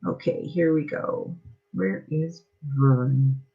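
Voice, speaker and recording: A woman's voice: low voice, slow, creaky, slight background noise. Woman, from Canada, angry, accusing, rhetorical questions, dull lo-fi audio. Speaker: member addressing a group meeting. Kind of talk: heated speech to a meeting.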